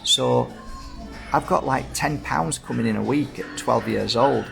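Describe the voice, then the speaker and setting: A man's voice: mid-range voice, a little slow, vocal fry, music in the background. A man in his fifties with a Yorkshire accent, casually rambling through anecdotes full of reported speech. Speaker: host. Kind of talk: casual storytelling chat.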